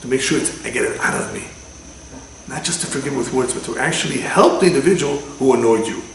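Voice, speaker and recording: A man voicing a calm, generous old rabbi, speaking gently in a gravelly voice. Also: mid-range voice, quick pace, heavy reverb, a little hiss or hum, natural voice, rough recording. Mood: earnest.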